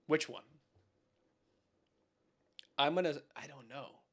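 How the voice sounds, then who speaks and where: A man's voice: fairly high pitch, slow pace. A young man hosting a casual live stream from home, rambling, swearing and chatting with viewers about keyboards. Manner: rambling, swears, laughs often, talks to chat.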